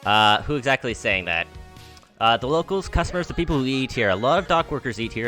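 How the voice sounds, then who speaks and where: A man's voice: medium pitch, lively intonation, fast talker, pushed and bright, faint music behind. A man streaming a game live, reading its dialogue aloud and joking, laughing and swearing in between. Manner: swears freely, laughs often, jokes while reading dialogue.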